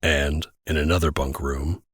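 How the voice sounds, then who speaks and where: A man narrating an audio drama in a measured, descriptive way. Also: extremely low pitch, flat delivery, a bit bright, slightly rough, no room sound, clean studio sound. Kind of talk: scripted narration.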